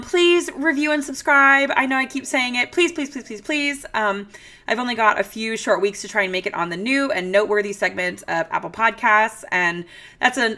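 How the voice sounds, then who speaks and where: A woman in her thirties hosting a comedic solo podcast, ranting in a sassy, exaggerated way with sudden hushed asides. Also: a little high. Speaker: podcast host.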